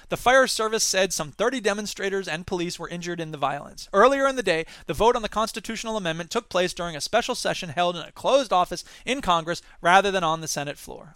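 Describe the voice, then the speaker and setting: Dry, high-voiced man riffing on news. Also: bright, forceful tone, dry recording. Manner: reads news aloud then riffs on it, self-deprecating asides. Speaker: podcast host. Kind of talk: casual news commentary.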